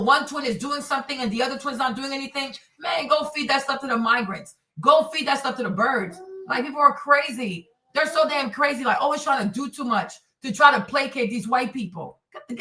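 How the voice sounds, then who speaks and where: Woman streamer, high bright voice, heated cursing rant, roomy sound, distant from the mic. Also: fairly quick. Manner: angry, profane, repetitive ranting. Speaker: livestream host. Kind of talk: heated livestream rant answering chat. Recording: echoey room, voice off-mic.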